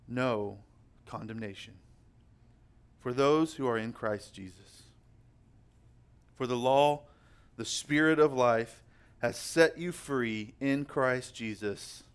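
A young man preaching a sermon as pastor, emphatic and slowing down to stress key words. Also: medium pitch, clear, resonant tone.

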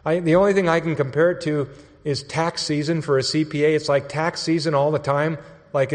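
A man telling a story in a sermon, speaking in a conversational, earnest way, with a long hall reverb around him. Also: fairly high pitch. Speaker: mission staff speaker.

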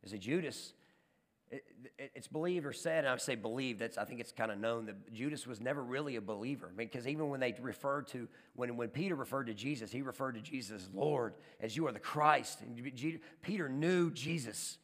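A man preaching a sermon, telling stories with animated energy and often repeating and restarting words. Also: medium pitch, fairly quick. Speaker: pastor. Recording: long hall reverb.

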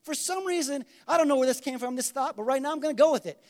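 A man's voice: very high voice, fast talker, darkish tone. A man preaching a conversational sermon, acting out little quoted exchanges and asking the congregation to respond. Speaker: pastor.

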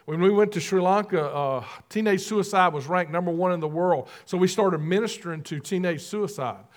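Pastor guy preaching, middle-aged, kinda high voice, acts out lines. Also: normal speed. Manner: preachy, animated, acts out dialogue with God. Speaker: guest pastor. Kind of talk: sermon.

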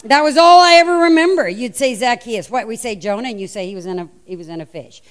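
Lively woman preaching a sermon. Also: fairly high pitch, quick pace. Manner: lively storyteller acting out voices.

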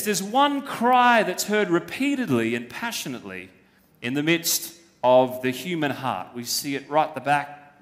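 A man's voice: mid-range voice, fairly bright tone. A man preaching a sermon as pastor, speaking emphatically and posing rhetorical questions to the congregation. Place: church. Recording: long hall reverb.

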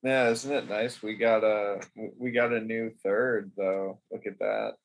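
A man's voice: on the low side, steady tone, measured pace, creaky. A man co-hosting a podcast, joking around, laughing often and swearing in casual chat. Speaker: podcast co-host.

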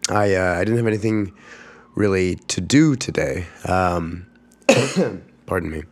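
Deep-voiced congested man with a cold. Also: animated, a little slow. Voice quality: rough, congested voice. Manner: rambling, many fillers and restarts. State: congested, getting over a cold with coughing fits. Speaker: podcast host. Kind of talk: casual solo podcast monologue.

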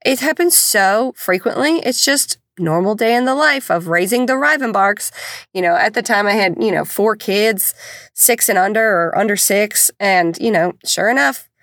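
A woman's voice: medium pitch, moderate pace, a bit bright, no echo. A woman, casually telling stories about her kids, chatty and exasperated, with self-deprecating humor. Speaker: podcast host and mother of four. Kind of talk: casual storytelling monologue.

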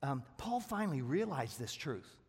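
A man preaching a sermon as pastor, talking quickly in a folksy, plain-spoken way. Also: medium pitch, sing-song, husky. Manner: fast-talking, self-described; folksy, rural American speech. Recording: long reverb of a large hall.

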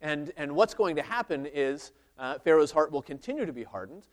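A man's voice: on the high side, animated, normal speed. A man preaching an expository sermon, reading scripture aloud and explaining it earnestly, with frequent restarts. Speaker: pastor.

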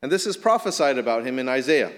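A man's voice: medium pitch, sing-song, fast talker. Man preaching in an echoing hall. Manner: earnest preaching, rising emphatic then dropping soft. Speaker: pastor. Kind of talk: sermon.

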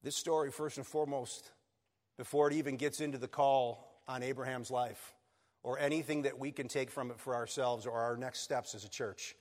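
A man's voice: mid-range voice, fairly even intonation, moderate pace, a little mellow. A man preaching a sermon as pastor, earnest and building to emphatic peaks. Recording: long reverb of a church hall.

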